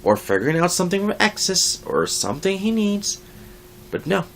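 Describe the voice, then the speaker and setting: A young adult vlogger in a casual rant to camera, animated, swearing a lot and mocking others. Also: mid-range voice, moderate pace, gravelly.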